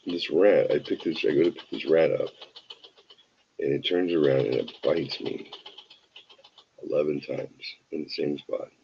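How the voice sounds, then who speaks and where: A man's voice: very deep voice, a little slow, gravelly, long pauses, lo-fi sound, a little hiss or hum. A tired man hosting a show, telling a rambling, wry, self-deprecating anecdote full of digressions. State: tired from an early start. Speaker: show host. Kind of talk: casual anecdote storytelling.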